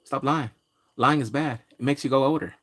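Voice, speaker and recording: A man's voice: mid-range voice, moderate pace, a bit bright. A man hosting a pop culture vlog, ranting casually and trash-talking in a brash, jokey way. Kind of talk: casual rant to camera.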